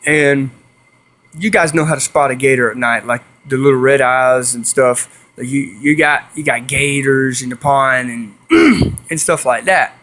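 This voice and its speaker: Unhurried and fairly bright at mid-range pitch, this young vlogger casually tells his viewers a meandering story on camera. He says things more than once and hisses like animals.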